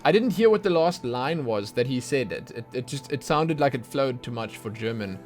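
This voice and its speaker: A man's voice: medium pitch, normal speed, hardly any pauses, soft background music. Chatty man streaming a game. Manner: chatty, excitable, thinks aloud. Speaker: streamer playing a video game. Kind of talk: casual let's play commentary.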